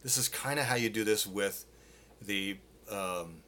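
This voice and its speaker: Bright-voiced male vocal coach. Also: on the low side, a little slow, a little hiss or hum. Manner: casual, explains with demonstrations and filler words. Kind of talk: live Q&A singing lesson.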